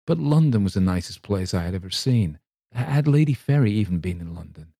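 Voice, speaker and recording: A man reading a classic short story aloud in measured, scripted narration. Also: on the low side, animated, vocal fry, dark tone, husky, dry recording, clean studio sound. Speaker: story reader.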